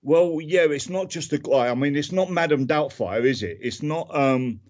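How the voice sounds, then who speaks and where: A man's voice: on the high side, moderate pace, a little mellow, dull audio. A man with a Cockney accent from southern England, speaking earnestly as a guest on a radio interview, plain-spoken and circling back with fillers. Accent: London Cockney. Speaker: guest musician and activist.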